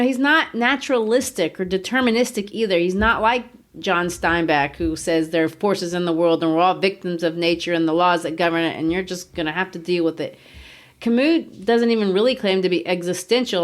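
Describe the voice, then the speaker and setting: Earnest woman co-hosting a book podcast. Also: lowish voice. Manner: earnest, laughs easily, explains with rhetorical questions. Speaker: podcast co-host. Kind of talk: conversational literature discussion.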